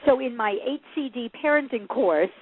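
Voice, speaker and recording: Her voice runs on the high side with a breathy edge, at a moderate pace and with no room sound, carried over a phone line. She's a parenting coach in a relaxed interview, a lively storyteller who laughs a lot and performs the voices of the people she quotes.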